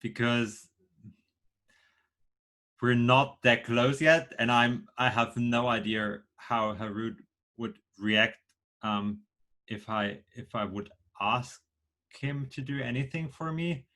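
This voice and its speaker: A man describes what his character does in a tabletop game, thinking aloud in a halting way. His voice is mid-pitched and his pace slow. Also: sharp tone. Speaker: player.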